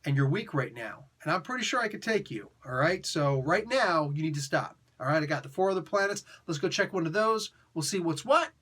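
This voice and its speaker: A man's voice: on the high side, lively intonation, fairly quick, hardly any pauses, fairly bright tone. A man voicing a cool, cocky male thunder god in laid-back slangy talk. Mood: firm.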